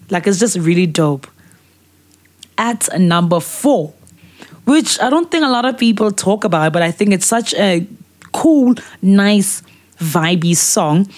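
Lady podcast host hyping up songs, kinda low voice, lots of ums, super enthusiastic. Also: a little mellow. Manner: enthusiastic and chatty, with filler words. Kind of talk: casual music recommendation talk.

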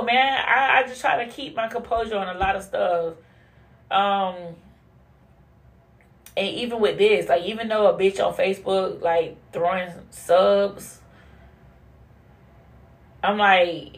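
A woman hosting a casual monologue podcast, blunt and profane, who laughs often and swings from low mutters to high bursts. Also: slow pace, long pauses. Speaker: podcast host.

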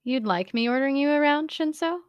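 A woman voicing an excitable young man who blurts things out breathlessly in a story reading. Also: high voice, brisk, dry recording, dull audio, pitched above the performer's own voice, close to an everyday voice. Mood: teasing. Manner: breathless, loud outbursts.

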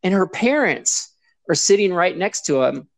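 A man's voice: high-pitched, normal speed, creaky, no echo. A man who performs as a sports mascot, telling a story in casual chat and animatedly acting out other people's lines. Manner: animated, acts out others' voices in quotes.

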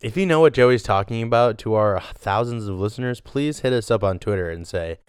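A man's voice: lowish voice, expressive, fairly quick, clear, resonant tone, no room sound, clean studio sound. A man co-hosting a podcast in casual chat, teasing and laughing often. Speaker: podcast co-host.

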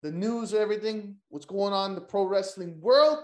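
A man hosts a casual wrestling podcast. His voice sits a little higher than most men's and rings in an echoey room. He jokes, curses freely and keeps the chat loose. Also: moderate pace. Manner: loose, joking, profane banter. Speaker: podcast host.

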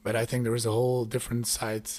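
A man interviewing a guest, asking measured, curious questions. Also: medium pitch, little pitch movement, a little mellow.

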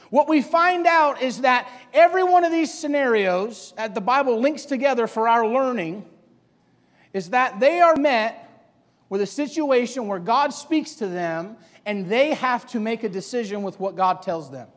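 A man preaching a sermon with animated delivery, swinging from loud emphasis to hushed asides. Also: extremely high pitch, moderate pace, big-room sound.

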